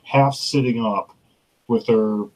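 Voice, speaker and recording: A male radio co-host with a husky, slightly rough voice. He delivers dry, deadpan quips and recounts odd news in a plain, even tone. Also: mid-range voice, slow pace, poor audio. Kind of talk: comic radio chat.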